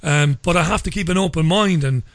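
A male radio host with a fairly high voice, talking with careful, halting restarts. The sound is dry and close to the mic, with no room echo. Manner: hesitant, stammering, measured. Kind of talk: interview.

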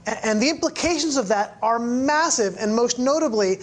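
A woman's voice: a little high, lively intonation, moderate pace. A woman giving emphatic commentary in a news interview, often restarting her phrases.

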